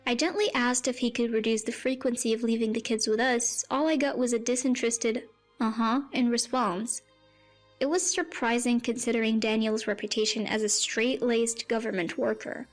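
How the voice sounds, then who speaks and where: A woman narrating a first-person story in a plain, even storytelling voice. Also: fairly high pitch, moderate pace. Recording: faint music behind.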